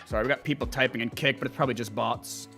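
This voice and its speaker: A man's voice: mid-range voice, fairly even intonation, racing, pushed and bright, faint music behind. A young man livestreaming, chatting casually and rambling, swearing freely as he reacts to clips and reads chat. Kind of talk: casual live-stream chat.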